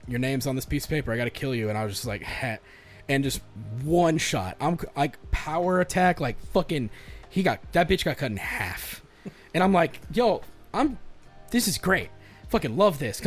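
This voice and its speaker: Animated, swearing young man chatting games. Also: fairly high pitch. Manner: animated, swears a lot, rambling with restarts. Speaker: podcast co-host. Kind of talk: casual chat about games and movies.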